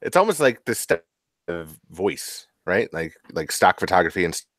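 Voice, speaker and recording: A man's voice: sits low, sing-song, normal speed, fairly bright tone, no room sound. A man co-hosting a podcast, asking rambling, filler-heavy questions in casual chat. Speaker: podcast co-host.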